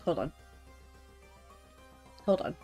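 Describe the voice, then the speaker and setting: A woman streamer chatting casually and reading game text aloud, in a giddy, gushing, animated way. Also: slow pace, faint music behind.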